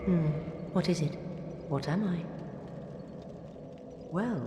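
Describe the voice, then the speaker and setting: A woman voicing a mysterious female keeper of a bonfire in a fantasy video game, speaking in formal, archaic, measured lines. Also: on the low side, loud music behind the voice. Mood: solemn. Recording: echoey game audio with long reverb and hiss.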